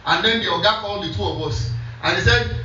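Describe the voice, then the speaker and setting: Male pastor, high bright voice, storytelling sermon, distant echoey church hall. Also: quick pace, highs cut off, slight background noise. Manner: storytelling, repeating scripture back to the congregation.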